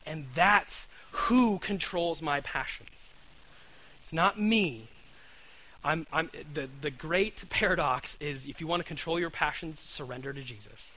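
Man, preacher, conversational sermon, forceful bright tone, fairly high voice, earnest, repeats himself. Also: unhurried, rough recording. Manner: earnest, repeats words, asks "right?" often.

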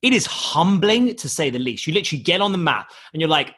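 A man's voice: on the high side, quick pace, slightly rough. A young English man telling a story in a casual, jokey way, acting out the voices of the people in it. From England. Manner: animated, jokey, acts out quoted voices.

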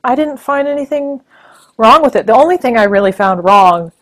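Woman co-host, average pitch, frank casual movie chat with easy laughs. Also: moderate pace. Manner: frank, blunt, laughs often. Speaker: podcast co-host.

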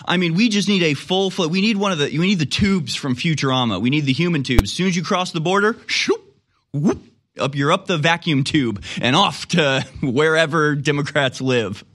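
A man's voice: on the high side, animated, brisk, hardly any pauses, fairly bright tone. A man hosting a political commentary show, talking in a sarcastic, incredulous way with frequent laughs.

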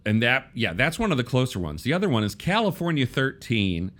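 A man's voice: mid-range voice, sing-song, a little fast, fairly bright tone. Wry man hosting a political chat. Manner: wry, conversational, with restarts. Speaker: podcast host.

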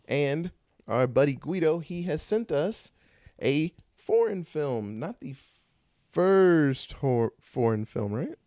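A man hosting a casual horror-movie podcast, animated and joking. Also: a little high, slow, dry recording, studio quality. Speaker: podcast host.

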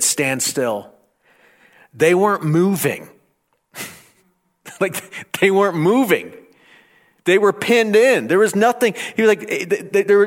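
Guy pastor giving a sermon, kinda high voice, stammers and repeats stuff a lot. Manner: repeats phrases, stammers, rises to near shouting.

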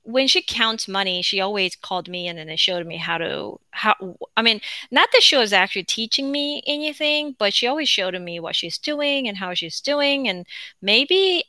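A young Korean-accented woman talks loosely into her podcast mic, drifting from thought to thought with plenty of ums and restarts. Her tone is bright and clear. The sound is close and dry, with no room around it. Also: mid-range voice, no room sound. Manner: rambling, chatty, frequent fillers and self-corrections. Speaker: podcast host. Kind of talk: unscripted casual monologue. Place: at home with her dog beside her.

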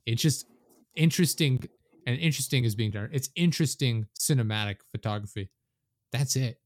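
A man's voice: mid-range voice, brisk, dry recording, clean studio sound. Opinionated man on a podcast. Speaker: podcast host. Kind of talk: casual podcast chat.

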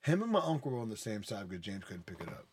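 A man's voice: fairly low pitch, very animated, racing, a little mellow, breathy edge. A man hosting a casual podcast, telling rambling, profane family stories with lots of "like". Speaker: podcast host. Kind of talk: casual storytelling chat.

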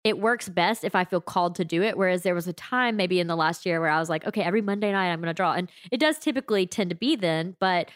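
A woman's voice: fairly low pitch, fast talker, hardly any pauses, no room sound, clean studio sound. A woman with a Southern US accent chatting casually as a podcast co-host, rambling and full of "like" fillers. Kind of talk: casual chat.

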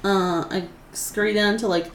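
A woman's voice: medium pitch, steady tone, normal speed, echoey room, a little hiss or hum, low-quality recording. A woman playing a tabletop game, playful and giggly as she plans her character's moves. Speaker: player. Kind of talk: casual tabletop play.

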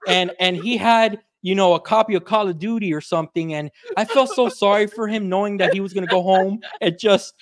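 A young man from the Miami area, a podcast guest telling stories in casual chat, animated and swearing freely as he acts out quotes. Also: high-pitched, brisk, few pauses, no room sound.

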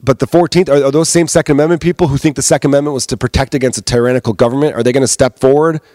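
A man's voice: medium pitch, steady tone, very fast, a little mellow, no room sound, studio quality. A man hosting his own podcast as a comedian, ranting casually and heatedly with plenty of swearing. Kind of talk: casual solo podcast rant.

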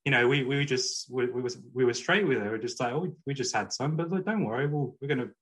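A man's voice: mid-range voice, fast, a bit bright. A man guesting on a podcast, telling a story in a casual, rambling way with lots of "like" and "you know".

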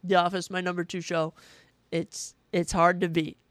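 A man's voice: high-pitched, flat delivery, moderate pace, a bit bright, no room sound. A young man hosting a solo podcast, chatting casually with an enthusiastic, rambling manner that often stops to correct himself. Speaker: podcast host.

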